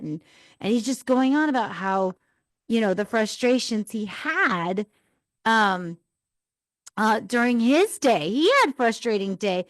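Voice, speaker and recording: A woman's voice: medium pitch, lively intonation, measured pace, no room sound. A woman hosting a live podcast, telling an earnest, rambling personal story as a mom. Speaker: podcast host.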